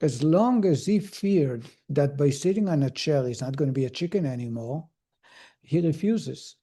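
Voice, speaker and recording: Rabbi with a very dark, mellow voice. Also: male voice, fairly high pitch, animated. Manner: storytelling, informal, halting restarts. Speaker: rabbi teaching a Torah class. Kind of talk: conversational lesson with a parable.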